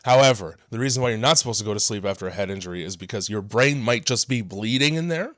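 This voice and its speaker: A man's voice: fairly low pitch, expressive, fast, a bit bright, no room sound, clean studio sound. A man co-hosting a casual horror movie podcast, wry and profane, laughing easily. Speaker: podcast co-host.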